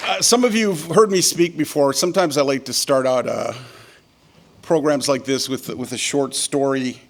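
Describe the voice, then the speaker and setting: A man's voice: medium pitch, normal speed. Older man telling a folksy keynote story. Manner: folksy storyteller, frequent filler words. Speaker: keynote speaker. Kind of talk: conference keynote speech. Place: yacht club event hall.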